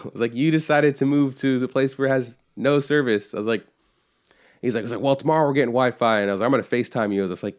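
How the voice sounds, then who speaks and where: Fast and a little mellow, this young podcast co-host has a mid-range voice. He rambles through a story in relaxed chat, cursing freely and imitating his family's quotes.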